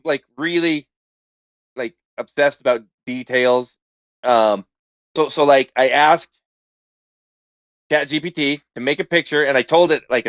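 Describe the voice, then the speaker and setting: A man on a podcast telling a story in casual chat, hesitant with many restarts, getting animated as he goes. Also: fairly high pitch, no room sound, dull audio.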